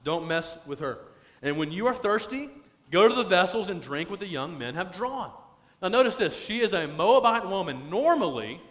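Male pastor, lively sermon delivery, slightly high voice, long hall reverb. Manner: animated preaching, stretching key phrases slowly.

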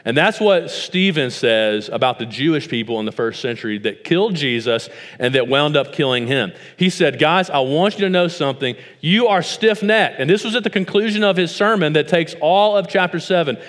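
Man, West Tennessee accent, pastor preaching, slightly high voice, long church reverb. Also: expressive, a little fast, few pauses, a bit bright. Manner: storytelling with rhetorical questions, rising to emphatic preaching. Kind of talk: sermon.

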